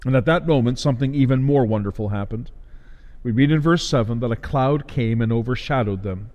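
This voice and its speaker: A man delivering a sermon as a preacher, measured, with emphatic rises and slowed stresses. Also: mid-range voice, in a large hall, muffled recording.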